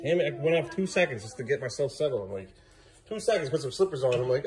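Middle-aged dad, casual home vlog, firm scolding, keeps jumping higher when telling the kids off. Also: male voice, sing-song, fast talker, a little mellow. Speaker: father and vlogger. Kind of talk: casual family vlog chat. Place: at home indoors.

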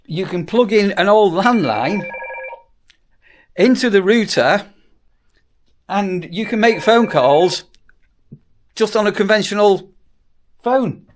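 A man's voice: high voice, expressive, slow pace, long pauses, a little hiss or hum. A middle-aged British man, a campsite warden, talking casually to his viewers in a rambling vlog, asking them questions as he goes. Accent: British English. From United Kingdom. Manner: chatty, asks viewers questions, repeats words when restarting.

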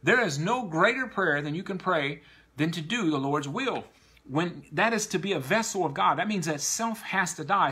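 A man's voice: a little high, bright, forceful tone, husky. A man preaching a sermon to a congregation, earnestly exhorting the listeners.

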